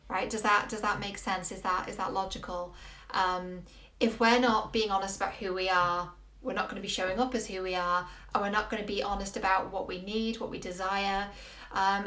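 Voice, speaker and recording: An English woman earnestly coaches viewers in a motivational video, asking lots of rhetorical questions as a relationship coach. Her voice is medium-pitched and a bit bright, and the recording has a roomy echo.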